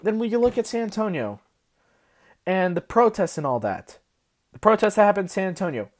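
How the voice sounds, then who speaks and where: A young woman rants into her phone, worked up and cursing as she rambles. Her pitch swings wide, rising high and dropping low as she gets heated. She talks like someone losing patience with everything. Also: big pitch swings, fairly quick. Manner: profane, agitated, rambling. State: worked up, hysterical. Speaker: vlogger. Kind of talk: heated casual rant.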